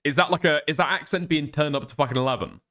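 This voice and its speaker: A man's voice: on the high side, fast talker, sharp tone. A man streaming reaction commentary on clips, talking in a profane and incredulous way.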